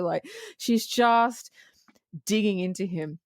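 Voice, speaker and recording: A woman's voice: medium pitch, expressive, measured pace, dry recording, clean studio sound. Laughing woman retelling movie scenes. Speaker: podcast co-host. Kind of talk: casual movie review chat.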